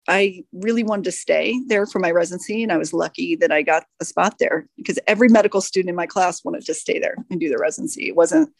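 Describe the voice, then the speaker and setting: A woman's voice: lowish voice, no room sound, clean studio sound. A woman in her forties, an orthopedic surgeon, telling stories as a podcast guest with frequent laughter. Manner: lively storyteller, laughs often. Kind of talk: podcast interview.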